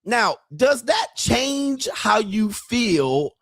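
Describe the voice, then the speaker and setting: A man hosting a commentary channel, telling jokey stories in a loud, profane, animated way. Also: very high-pitched, drawn-out words, dry recording, clean studio sound. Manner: profane, joking, animated storytelling. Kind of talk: casual commentary.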